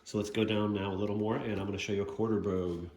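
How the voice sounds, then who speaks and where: A man's voice: lowish voice, flat delivery, very fast, a little mellow, roomy sound, a little hiss or hum. A man chatting casually about his shoe collection, rambling with lots of fillers and asides. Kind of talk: casual show-and-tell vlog.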